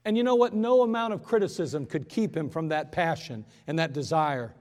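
A man preaching an impassioned sermon in a church, swinging between loud urgent pleas and quiet hushed moments. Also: a little high, normal speed, in a large hall. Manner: impassioned preaching, rising and falling in force. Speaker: pastor.

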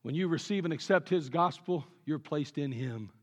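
A man preaching a sermon with earnest conviction, dropping low and quiet on his key points. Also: moderate pace. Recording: long reverb of a large hall.

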